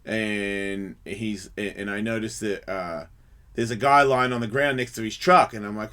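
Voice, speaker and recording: Animated man spinning a yarn. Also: fairly low pitch, normal speed. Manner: animated, swearing, acts out voices in the story. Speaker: radio show host. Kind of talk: casual storytelling. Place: radio studio.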